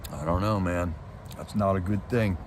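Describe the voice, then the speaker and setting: His voice sits low and moves at a normal speed, with a little hiss or hum in the background. As a livestream host reading his chat, he rants casually and passionately about politics, posing rhetorical question after rhetorical question.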